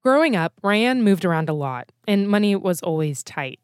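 A woman hosting a podcast, telling a true story in scripted documentary narration with a measured storytelling manner. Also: medium pitch, very animated, clear, resonant tone, no room sound, studio quality.

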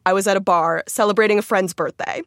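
A woman's voice: medium pitch, steady tone, fast talker, fairly bright tone, dry recording, clean studio sound. Chatty young female producer. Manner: chatty, storytelling, many "like" fillers. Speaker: radio producer. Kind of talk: casual studio conversation.

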